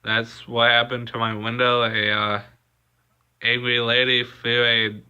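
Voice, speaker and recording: Halting young man, bright lo-fi vlog. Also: medium pitch, flat delivery, clear, resonant tone. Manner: halting, many fillers and pauses. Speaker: vlogger. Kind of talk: casual storytelling vlog. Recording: dull lo-fi recording.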